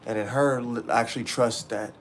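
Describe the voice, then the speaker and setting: A man's voice: medium pitch, steady tone, moderate pace, slight background noise. A young man livestreaming from indoors, venting raw and profane to his chat, upset and frustrated, repeating himself as he rants. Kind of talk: emotional livestream rant to chat.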